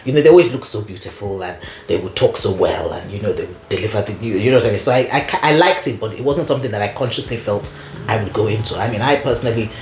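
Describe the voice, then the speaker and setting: A woman guest telling stories in casual conversation, animated and laughing often, with lots of "you know" fillers. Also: a bass voice, quick pace, a little hiss or hum. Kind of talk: conversational storytelling. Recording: echoey room.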